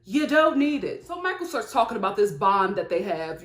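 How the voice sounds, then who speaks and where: A woman reviewing a reality TV show in a comedic vlog, talking in an animated way with sassy asides and frequent laughter. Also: medium pitch, normal speed. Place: indoor room with studio lights. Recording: roomy echo.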